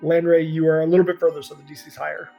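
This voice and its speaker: A man's voice: a little high, little pitch movement, rapid-fire, creaky, dull audio, soft background music. A man running a tabletop game as game master, narrating in a loose style full of fillers.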